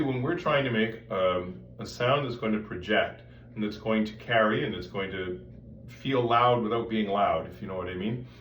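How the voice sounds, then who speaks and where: A man's voice: lowish voice, a bit bright, echoey room, far from the mic, slight background noise. A man giving a casual voice lesson, explaining breath and throat with sung vowel demonstrations. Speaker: voice teacher. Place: room with music stands and metal ductwork.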